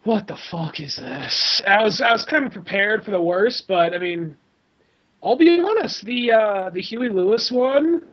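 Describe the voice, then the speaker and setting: A man's voice: sits high, animated, normal speed, a bit bright, dull audio. A man co-hosting a podcast over a video call, rambling casually and swearing freely. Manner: rambling and profane. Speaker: podcast co-host. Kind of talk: casual chat.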